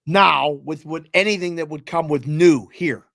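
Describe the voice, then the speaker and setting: A man co-hosting a casual sports talk show, cracking jokes and tossing in quick interjections. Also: a little high, creaky, dry recording, clean studio sound. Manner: wisecracking, animated interjections. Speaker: co-host.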